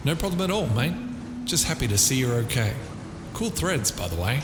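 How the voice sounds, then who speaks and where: A man's voice: mid-range voice, sing-song, moderate pace, roomy sound, in a large hall, noisy background, voice pushed up, natural voice. A man voicing a friendly, joking young British workmate in a light, teasing tone, with a British accent. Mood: breezy. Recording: loud guitar music underneath.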